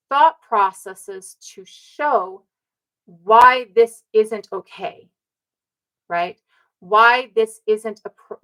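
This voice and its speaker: Woman talking casually, kinda gravelly, keeps hammering her points and saying "right?". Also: mid-range voice, fairly bright tone, low-quality recording. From North America. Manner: emphatic, repeats points, often asks "right?". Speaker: speaker on ancestry and community. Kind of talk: casual spoken talk.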